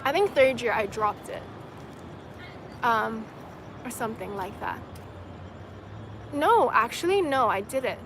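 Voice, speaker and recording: A woman's voice: fairly high pitch, lively intonation, takes it slowly, pauses often, a bit bright, slight background noise. Chatty young woman on an outdoor livestream. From China. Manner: chatty, fills with "like" and "you know", laughs often. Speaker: livestream host answering viewer comments. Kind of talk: casual chat.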